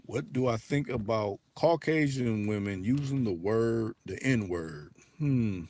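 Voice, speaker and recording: This livestream host, who has an African American English accent, talks slowly in a fairly low, darkish voice that's still animated. His casual chat is loose, profane, and full of restarts.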